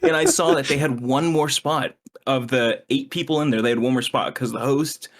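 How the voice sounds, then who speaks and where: A man co-hosting a podcast, telling a story in an animated way, swearing and laughing a lot. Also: mid-range voice, moderate pace, slight background noise. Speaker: podcast co-host. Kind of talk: casual podcast chat.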